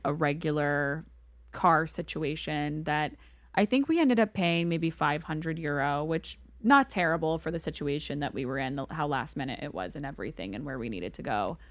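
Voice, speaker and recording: A young woman co-hosting a podcast, telling a travel story in a casual, animated way and acting out the voices in it. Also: sits low, normal speed, dry recording, studio quality. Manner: animated, acts out quoted voices, many "like"s. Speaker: podcast co-host.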